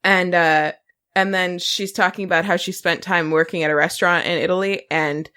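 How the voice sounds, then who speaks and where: A woman's voice: fairly low pitch, steady tone, moderate pace, sharp tone, clear, resonant tone. A woman co-hosting a podcast, gushing and giggling as she chats casually. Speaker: podcast co-host. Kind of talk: casual chat.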